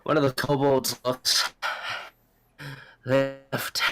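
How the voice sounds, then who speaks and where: A man's voice: mid-range voice, flat delivery, slow. A man running a tabletop game as game master, narrating in a loose, casual way.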